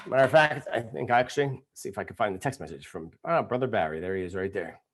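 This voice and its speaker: A man's voice: lowish voice, expressive, quick pace. Ranting man hosting a live stream. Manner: ranting, sarcastic, indignant. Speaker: psychic host of live stream. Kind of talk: live stream chat reading comments.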